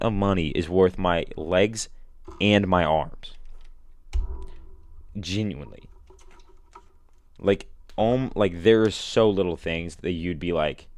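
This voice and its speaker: A man's voice: sits low, slow, long pauses, no room sound. A young man rambling casually to a listener in a slangy way, bursting out now and then. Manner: slangy, rambling, animated outbursts. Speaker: vlogger.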